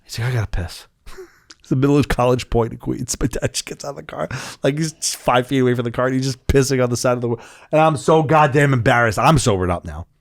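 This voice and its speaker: A man's voice: mid-range voice, fast talker, creaky. A young man hosting a podcast, telling a rowdy story in casual, profane chat and acting out the voices of the people in it. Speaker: podcast co-host.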